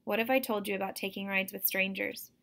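A woman voicing a sharp, worried mother. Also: medium pitch, fairly even intonation, fairly quick, creaky. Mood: scolding.

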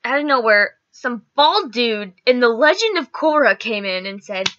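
A woman's voice: a little high, expressive, moderate pace, a bit bright, dull audio. A woman vlogger telling a story in casual, chatty talk, full of "like" and "okay" and some swearing.

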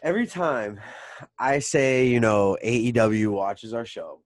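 A man co-hosting a casual podcast, ranting fast and swearing a lot. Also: medium pitch, dry recording. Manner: animated, swearing, fast rants. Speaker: podcast co-host. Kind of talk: casual chat.

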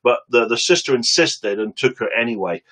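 A man preaching on a webcam stream, telling a story with lively acted-out quotes and quick asides. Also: medium pitch, poor audio.

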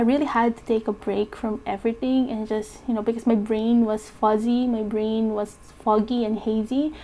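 Candid vlogger, young woman, slightly high voice, halting and soft, lots of fillers. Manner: soft, halting, open about her feelings, with frequent fillers. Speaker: budgeting vlogger. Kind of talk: candid personal vlog talk.

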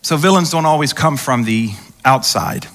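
Male pastor mid-sermon, conversational preacher who acts out quoted voices, bright forceful tone, slightly high. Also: moderate pace. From United States. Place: large church auditorium. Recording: church hall reverb.

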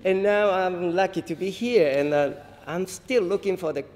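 A man from Paraguay, a harpist, introducing songs on stage in halting, humble English after a Spanish greeting, with pauses and restarts. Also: high voice, a little mellow. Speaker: harpist performer. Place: large hall, live audience. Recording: roomy hall reverb, faint ambience.

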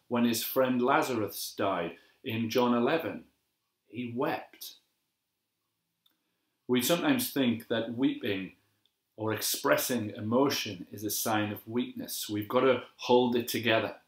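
A man giving a gentle, measured devotional sermon as a pastor, slowing down to repeat key phrases. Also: mid-range voice. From England. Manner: gentle, measured and reflective, with slow emphatic repetitions. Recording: echoey room.

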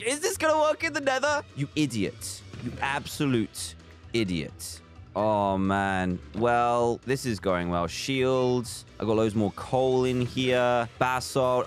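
A young man giving casual, animated commentary while playing a video game. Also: mid-range voice. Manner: animated, swings into panicked exclamations. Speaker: gaming YouTuber. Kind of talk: casual let's-play commentary.

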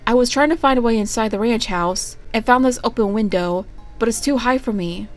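A woman's voice: on the high side, brisk, loud music behind the voice, close to an everyday voice. An exasperated young creature boy, as a woman puts him on. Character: earnest, easily frustrated young male creature. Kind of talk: fan fiction reading.

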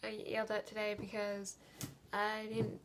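A woman's voice: mid-range voice, completely flat delivery, normal speed, a little hiss or hum. Tired young woman venting half-whispered. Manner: hushed, half-whispered talk; rambling, frustrated venting. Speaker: vlogger. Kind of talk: casual vlog monologue.

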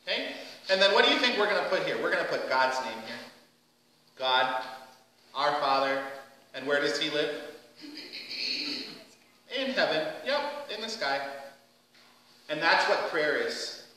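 A man leading a children's message in a church, gentle and playful, asking the kids lots of questions. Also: on the high side, very animated, measured pace, pauses often, slight background noise. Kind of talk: children's sermon. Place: church sanctuary. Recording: echoey church hall from far off.

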